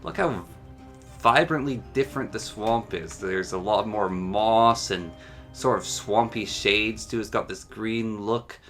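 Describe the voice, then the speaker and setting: Bright-toned, chatty man showing off a game. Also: fairly low pitch, unhurried, soft background music. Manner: chatty and enthusiastic, muses aloud. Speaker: mod showcase narrator. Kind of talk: casual gameplay commentary.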